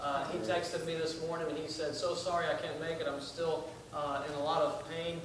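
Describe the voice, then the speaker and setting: A man's voice: on the high side, level tone, normal speed. A young man, preaching as a visiting missionary in a folksy, self-deprecating way, with many fillers and restarts. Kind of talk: sermon with casual asides. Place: church sanctuary. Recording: echoey church from far off, noisy.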